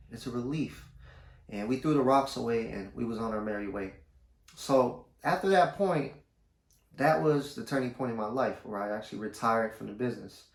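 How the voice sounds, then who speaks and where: Gravelly, laid-back male vlogger. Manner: laid-back, slangy, low-key. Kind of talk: casual storytelling to camera. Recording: roomy echo.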